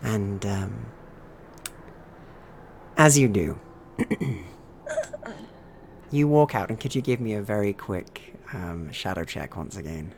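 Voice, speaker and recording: A man narrating a horror tabletop game as game master, with slow, atmospheric description. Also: fairly low pitch, lively intonation, slight background noise.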